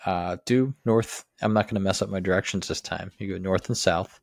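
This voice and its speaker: A man co-hosting a lawn care podcast, explaining steps in a relaxed way with many fillers. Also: deep voice, fairly quick, vocal fry, no room sound, studio quality. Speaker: podcast co-host. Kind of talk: casual how-to chat.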